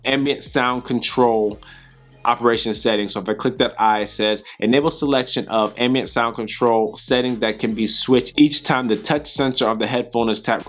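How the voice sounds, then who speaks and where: A man casually walking through a headphone app's settings, talking through each option with frequent ums. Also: fairly low pitch. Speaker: tech reviewer. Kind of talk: casual app walkthrough.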